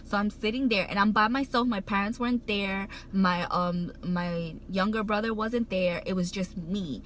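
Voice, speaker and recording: A woman's voice: medium pitch, normal speed, fairly bright tone, a little hiss or hum, rough recording. A woman vlogger telling a heartfelt personal story, rambling with many fillers and restarts, emotional and choked up at times. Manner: emotional, getting choked up while recounting.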